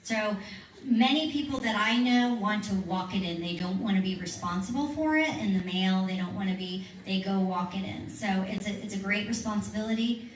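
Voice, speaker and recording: A woman's voice: medium pitch, normal speed, distant mic. A woman leading a petition workshop, answering audience questions in an earnest, persuasive way with frequent restarts. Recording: echoey room recorded from afar, faint hum.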